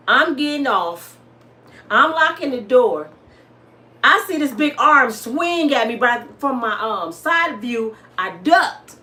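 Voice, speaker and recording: A woman with an African American Vernacular English accent, telling a dramatic personal story to her listeners in a casual, lively way. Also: a little high. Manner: dramatic, addresses listeners as y'all. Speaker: storyteller host.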